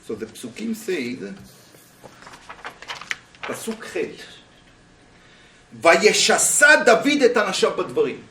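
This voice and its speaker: A male rabbi teaches a Torah class, pressing his students with animated rhetorical questions. His voice sits high and leaps around in pitch. He is picked up from a distance, with the echo of the room around him. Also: slow, long pauses, slight background noise. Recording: roomy, voice from a distance.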